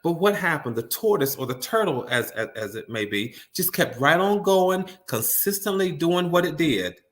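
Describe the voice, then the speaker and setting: A man's voice: on the high side, lively intonation, normal speed, a bit bright. A man giving a live-streamed motivational talk, often repeating words as he restarts and calling his audience "you all.".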